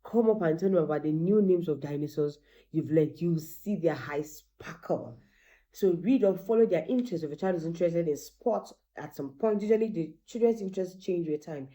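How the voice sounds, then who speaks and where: A middle-aged woman, a teacher and mother, giving animated parenting advice and acting out bits of dialogue. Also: lowish voice, normal speed. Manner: animated, acts out quoted dialogue.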